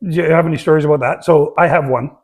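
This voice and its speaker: A middle-aged man co-hosting a casual podcast, his voice pitched a little high for a man. He is jokey and laughs often, then turns reflective when he talks about being a father. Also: fairly even intonation, very fast. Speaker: podcast co-host. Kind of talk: casual chat.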